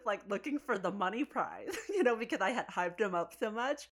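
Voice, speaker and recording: A woman's voice: mid-range voice, lively intonation, brisk, hardly any pauses. A pregnant woman chatting casually, telling a family story animatedly and laughing often. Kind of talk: casual chat.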